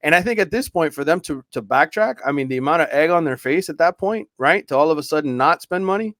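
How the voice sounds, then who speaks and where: A man's voice: a little high, expressive, quick pace, fairly bright tone, no room sound, clean studio sound. A man, a sports reporter guest on a radio show, talking in casual conversation with stammered restarts and a reassuring tone. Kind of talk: casual interview chat.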